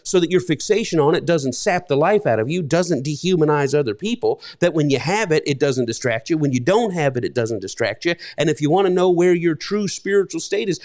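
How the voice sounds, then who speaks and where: Male pastor, high tenor, rambling conversational sermon delivery. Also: a little mellow. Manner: conversational, repetitive preaching with restarts.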